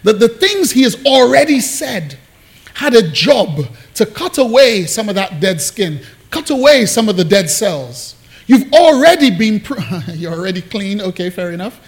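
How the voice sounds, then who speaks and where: A man's voice: high voice, very animated, unhurried. A male pastor, preaching a sermon in a chatty, joking way to his congregation, often repeating himself and restarting while he searches for the right word.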